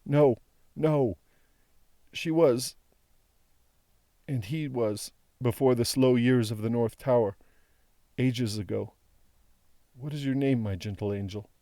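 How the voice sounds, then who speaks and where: A man reading the part of a frail old former prisoner, who speaks slowly, haltingly and mournfully. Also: mid-range voice, mellow, dry recording, clean studio sound. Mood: bewildered. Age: older.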